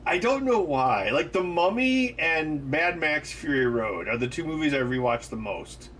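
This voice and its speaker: A man's voice: on the high side, lively intonation, unhurried, a bit bright, a little hiss or hum. A man hosting a live stream, chatting casually with viewers in a rambling, loose way with lots of fillers. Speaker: livestream host. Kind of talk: casual chat answering live chat.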